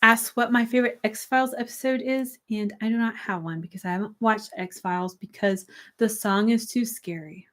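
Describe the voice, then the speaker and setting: A slightly hoarse young woman casually chatting on a livestream, reading viewer comments aloud and answering them from her room. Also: fairly high pitch, steady tone, normal speed, a bit bright. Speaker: livestream host. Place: her room with string lights.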